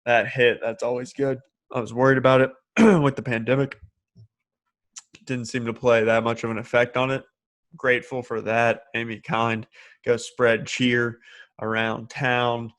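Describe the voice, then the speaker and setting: A man's voice: medium pitch, flat delivery, a little slow, a bit bright. A man co-hosting a casual podcast, laid-back and joking, laughing along often. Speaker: podcast co-host. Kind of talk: casual chat.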